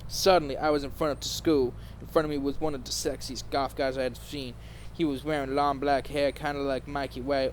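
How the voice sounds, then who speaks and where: A man's voice: medium pitch, slight background noise. Male host reading a story aloud for laughs, mid-range voice, trips over words, sudden mock-dramatic bursts. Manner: reads aloud with stumbles and mock-dramatic outbursts. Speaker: podcast host. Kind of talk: comedic dramatic reading of a fanfic.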